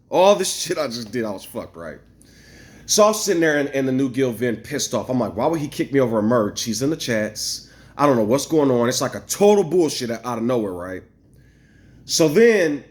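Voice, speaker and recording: Animated ranting man telling a story. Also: a little high. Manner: animated, profane, rambling storytelling with quoted dialogue. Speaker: vlogger. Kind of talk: casual storytelling rant.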